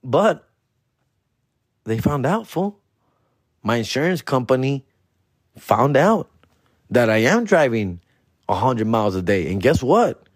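Dude ranting on his podcast, cussing, spanish slang here and there, squeaks way up when he quotes himself, dead dry mic. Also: big pitch swings, unhurried, long pauses, no echo. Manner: jumps high in pitch for his own quoted outbursts. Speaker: podcast host. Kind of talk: comedic storytelling rant.

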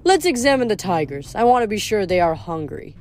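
A woman's voice: mid-range voice, big pitch swings, brisk, faint music behind, natural voice. A woman voicing a bossy, theatrical male giant showman who snaps and demands, in an audiobook reading. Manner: snappish, demanding, loud.

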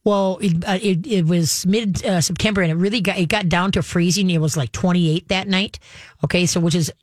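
Her voice on the low side and her intonation fairly even, a woman briskly rambles through a long story in casual conversation, restarting and using fillers often. It's recorded at studio quality without echo.

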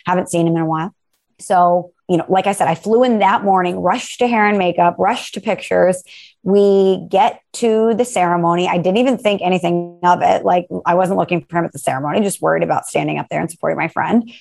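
A young woman co-hosting a casual chat, telling an animated story and acting out quoted lines. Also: on the low side, fairly quick, vocal fry. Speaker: co-host.

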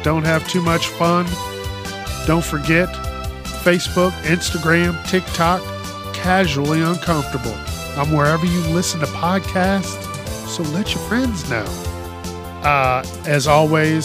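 A man's voice: on the high side, takes it slowly, music in the background. A man hosting a podcast, telling a news story in a casual, profane way and often laughing. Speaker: podcast host.

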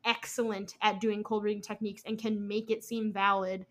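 A young woman co-hosting a podcast, retelling a story in a lively, casual way, swearing freely and acting out the people she quotes. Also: mid-range voice, normal speed. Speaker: podcast co-host.

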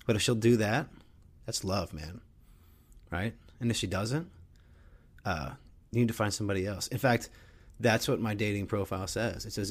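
A middle-aged man hosts a casual sports podcast with a rambling, joking delivery. He swears freely, and his voice sits slightly low. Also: moderate pace, long pauses, husky. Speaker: podcast host.

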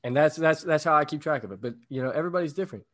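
A man's voice: a little high, rapid-fire, a bit bright. A man co-hosting a casual podcast, speaking in an affirming, motivational way and often repeating words as he starts a sentence.

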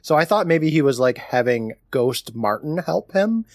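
Animated jokey man recapping an episode. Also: on the high side, normal speed, dry recording, studio quality. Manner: jokey, teasing, narrates the plot and quotes the characters. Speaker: podcast co-host. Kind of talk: casual chat recapping an episode.

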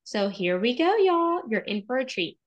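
Brief: woman podcast host, bright higher voice, enthusiastic and hyping, upbeat interview delivery. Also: big pitch swings, moderate pace, lo-fi sound. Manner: enthusiastic, hypes up her guest.

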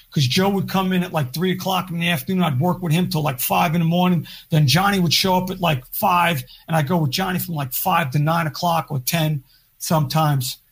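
A man's voice: fairly high pitch, husky. A man, a podcast guest and record producer, telling stories in a casual, rambling way full of "like" fillers. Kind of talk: casual storytelling.

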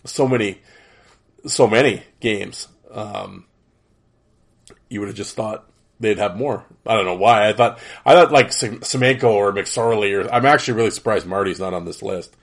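A man hosting a casual solo podcast, his voice nasal and stuffed up from allergies, rambling with many fillers and restarts. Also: on the low side. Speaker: podcast host.

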